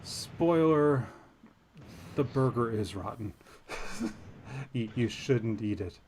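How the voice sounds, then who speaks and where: A man's voice: on the low side, darkish tone, a little hiss or hum. Rambling man on a casual podcast. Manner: rambling, halting restarts, amused. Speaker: podcast co-host. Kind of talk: casual chat about archaeology.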